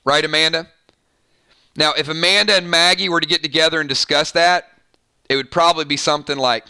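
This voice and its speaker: A male channel host chatting on a live stream, reading viewer comments, excitable and laughing often, talking straight to his viewers. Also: a little high, a little fast, clean tone, no room sound, studio quality.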